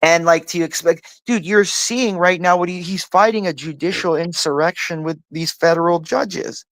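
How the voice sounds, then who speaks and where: A man holds forth in a heated, rambling rant, swearing freely and leaning on "like" and "dude" between stammered restarts. His voice sits a little high for a man, and it is recorded bone-dry up close with no room sound at all. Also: normal speed, fairly bright tone, no echo. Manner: profane, rambling, heavy use of "like" and "dude"; restarts and stammers when worked up. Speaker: panel host. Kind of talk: heated casual political rant.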